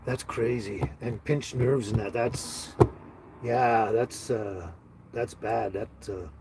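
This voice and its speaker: A man hosting a casual livestream on his phone, talking slowly to viewers with many fillers and halting restarts. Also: lowish voice, a little mellow, husky. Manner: slow, halting, sympathetic talk with many fillers. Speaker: livestream host. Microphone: handheld phone.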